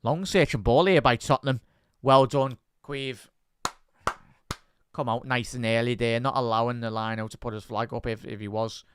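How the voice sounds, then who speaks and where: A man hosting a live football watch-along, giving chatty fan commentary, answering viewer chat and shouting out at big moments. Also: mid-range voice, fairly even intonation, normal speed, smooth, no echo.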